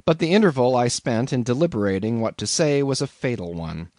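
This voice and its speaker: A man reading a classic novel aloud as an audiobook narrator, in an expressive storytelling manner. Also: mid-range voice, brisk, no echo, studio quality.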